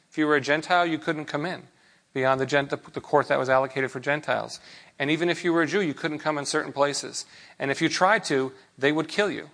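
A man preaching a sermon in a relaxed, conversational way, with rhetorical questions and frequent restarts. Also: a little high. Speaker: pastor.

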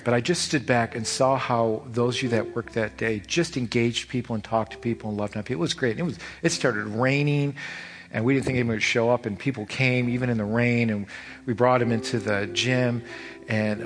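Animated male pastor in a reverberant church. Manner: animated storytelling, rising high when excited; repeats phrases for emphasis. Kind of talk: sermon. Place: church sanctuary. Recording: long church reverb with soft music behind.

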